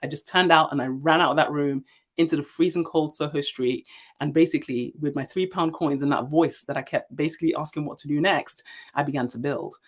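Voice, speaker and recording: A Nigerian woman in her forties, a leadership speaker, tells her story as an interview guest in an emphatic, animated manner. Her voice is low and her delivery brisk.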